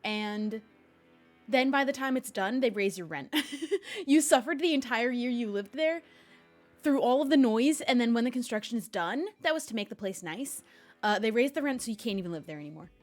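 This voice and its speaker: A woman's voice: a little high, animated, normal speed, faint music behind. Chatty young woman streamer, laughing often. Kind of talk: casual live-stream chat.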